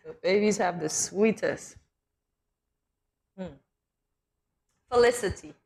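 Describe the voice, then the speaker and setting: A woman's voice: medium pitch, slow, a little mellow. A woman co-hosting a morning talk show in casual chat, playful and teasing, laughing to tears.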